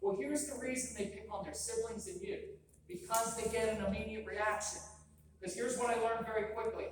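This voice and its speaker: A man's voice: high voice, big pitch swings, normal speed. A man in his fifties giving a live seminar talk, blunt and joking, often quizzing the audience. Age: 50s. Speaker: convention speaker. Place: large echoey hall. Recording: echoey hall from far off, noisy.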